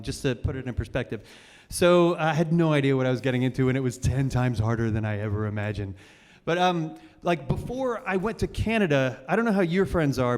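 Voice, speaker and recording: A man in his forties hosting a live storytelling show, rambling and self-deprecating, with many fillers and restarts. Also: on the high side. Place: stage of a cultural center hall. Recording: reverberant live hall.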